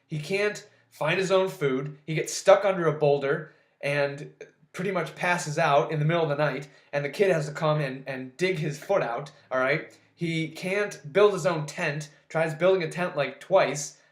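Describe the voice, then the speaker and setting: A casual movie recap delivered as a sarcastic, exasperated rant with frequent swearing. The voice sits at a middling pitch, and a roomy echo surrounds it. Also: normal speed. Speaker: movie reviewer.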